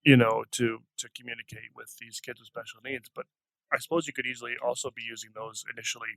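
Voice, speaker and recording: A man's voice: mid-range voice, steady tone, fast talker, vocal fry, fairly bright tone. A man hosting a podcast, asking questions in a hesitant, thinking-aloud way full of fillers. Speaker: podcast host. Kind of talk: casual interview talk.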